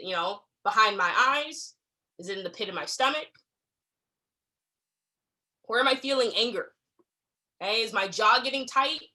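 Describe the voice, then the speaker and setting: A young woman gives a staff training session in a bright, sharp voice that sits a little high. She talks conversationally, checking in with her listeners again and again and acting out short exchanges as she explains. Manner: conversational, frequent "okay?" check-ins; acts out quoted exchanges. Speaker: workplace trainer.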